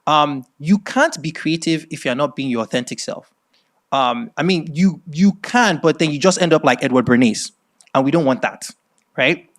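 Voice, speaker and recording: A middle-aged man from Nigeria with a Nigerian accent, giving a masterclass lecture as animated storytelling and often checking in with "right?". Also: a little high, moderate pace. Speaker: speaker at a masterclass.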